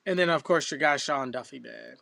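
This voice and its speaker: A man's voice: medium pitch, fairly quick, creaky, sharp tone, no echo. A man co-hosting a casual podcast, joking loosely and teasing his partner. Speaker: podcast co-host. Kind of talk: casual chat.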